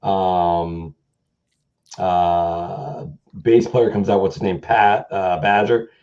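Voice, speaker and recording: In a muffled, lo-fi recording, a host with a low, darkish voice speaks flatly and draws out his words. He rambles through stories in a casual music chat, doing impressions of those he quotes.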